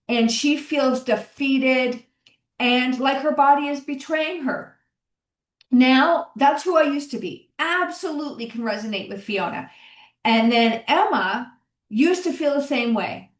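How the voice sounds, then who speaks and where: A woman's voice: a little high, slow pace. A middle-aged woman hosting a solo podcast, talking in an encouraging, conversational way and often repeating her key phrases. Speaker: podcast host, health coach. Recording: roomy, distant mic.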